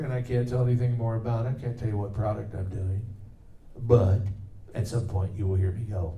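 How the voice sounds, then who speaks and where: A man's voice: lowish voice, steady tone, brisk, warm tone. A middle-aged man who works as a voice actor, telling loose, rambling anecdotes at a convention Q&A. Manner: loose, rambling, with many fillers. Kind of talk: anecdotal storytelling. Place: convention hall. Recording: echoey hall from far off, faint noise.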